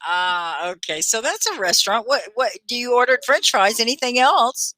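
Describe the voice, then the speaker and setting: A woman hosting a live online English class, upbeat and encouraging, laughing often and repeating words slowly and clearly. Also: a little high, expressive, bright, forceful tone, no echo, poor audio. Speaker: ESL teacher and livestream host.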